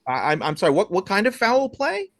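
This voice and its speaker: A man's voice: sits high, wildly swooping pitch, fairly quick, fairly bright tone, dry recording, voice pushed up, heavily acted. A jittery young hotel clerk stammers and trips over his words in a raised, anxious voice, as a man plays him in a tabletop game. He sounds flustered and eager to please. The sound is dry and close. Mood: nervous. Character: nervous young male hotel assistant manager.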